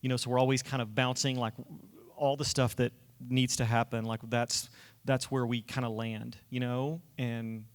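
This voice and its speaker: Man, church co-host, halting and self-correcting, mid-pitched voice, long hall reverb. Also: little pitch movement, clean tone. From United States. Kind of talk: casual conversation on a church stage.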